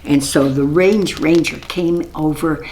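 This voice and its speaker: A woman reading a children's story aloud in a gentle, rhythmic, repetitive telling. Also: deep voice, fairly even intonation, measured pace, a little hiss or hum, poor audio.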